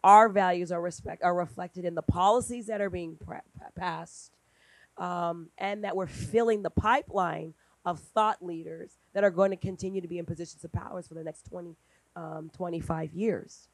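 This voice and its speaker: Animated woman speaking on a panel. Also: moderate pace, no echo. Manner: animated, acts out quoted dialogue with big pitch jumps. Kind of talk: conversational panel talk. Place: event hall at a brunch.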